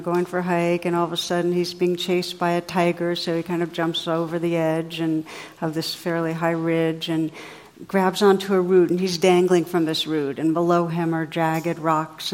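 A woman meditation teacher gives a gentle, unhurried dharma talk to her class. Her voice sits on the low side, calm and reflective. A long reverb tail follows her words, as in a large hall.

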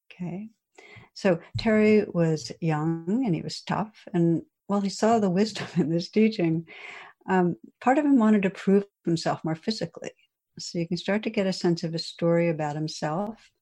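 A woman meditation teacher giving a dharma talk, telling a story in a gentle, reflective way with soft pauses. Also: fairly low pitch.

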